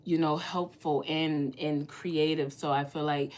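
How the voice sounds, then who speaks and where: A young woman with a low voice gives an oracle card reading straight to her viewers. She talks in a loose, rambling way, full of "like" and "you know". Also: fairly even intonation, unhurried. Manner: chatty, rambling, lots of filler words. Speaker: tarot and oracle card reader. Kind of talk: casual spiritual reading to camera.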